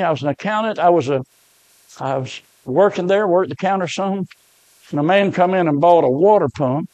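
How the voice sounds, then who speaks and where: A pastor, a man of middle age, preaching a heartfelt sermon full of stories. His voice sits a little high and the sound is dry and close, with no room echo. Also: a little mellow. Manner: emotional storytelling preacher.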